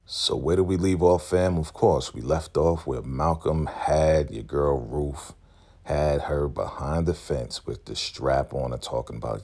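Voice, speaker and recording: A man casually recapping a TV episode, talking in an animated, storytelling way. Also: rumbling low, measured pace, breathy edge. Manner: animated storytelling, acting out scenes. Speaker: TV recap vlogger.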